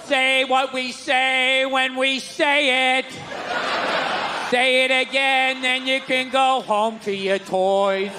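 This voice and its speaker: A patronizing church teacher, as a male comedian puts him on, drawing out every word in a slow singsong as if talking to small children. The high-pitched voice is raised over the murmur of a live crowd. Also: flat delivery. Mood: condescending. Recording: live audience noise.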